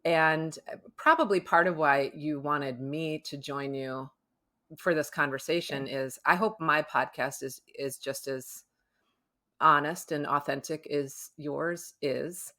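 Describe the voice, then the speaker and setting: Low-voiced reassuring woman counselor. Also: slow, bright, forceful tone. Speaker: podcast guest and counselor. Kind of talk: casual counseling conversation.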